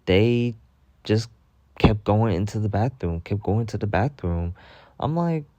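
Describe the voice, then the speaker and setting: A man's voice: on the low side, expressive, measured pace, dark tone, no echo, muffled recording. A young man telling a mock-dramatic storytime rant in slangy, swear-filled casual talk. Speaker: storytime vlogger.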